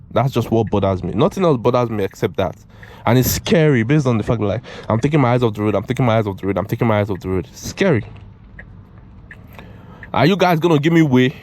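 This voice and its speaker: A young man giving casual, excitable driving commentary from inside a moving car, repeating himself and calling out "bro", recorded on a GoPro camera. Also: lowish voice. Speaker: car reviewer. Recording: road and engine noise in car.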